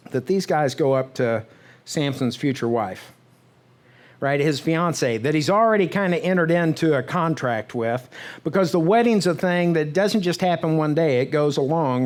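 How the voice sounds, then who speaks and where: In a church sanctuary, a pastor with a fairly high, expressive voice preaches in a conversational storytelling style. He keeps asking the congregation "right?" and acts out the characters' lines in quick bursts.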